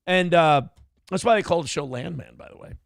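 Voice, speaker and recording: A man's voice: a little high, fast talker, creaky, no echo, clean studio sound. A man hosting a morning talk show, telling stories in casual, profane chat and swearing freely. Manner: animated storyteller, swears freely.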